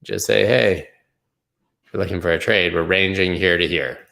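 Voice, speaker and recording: A man's voice: low voice, fairly even intonation, normal speed, creaky, sharp tone. A man hosting a live crypto stream, talking casually and loosely over price charts with slang and asides. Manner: loose, rambling, slangy, hums and sings snippets. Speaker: crypto show host.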